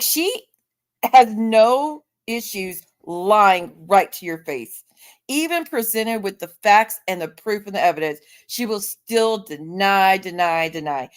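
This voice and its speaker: A woman's voice: medium pitch, lively intonation, moderate pace. A woman in her forties chatting casually on her livestream, reading viewer comments aloud and talking back to them. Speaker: livestream host.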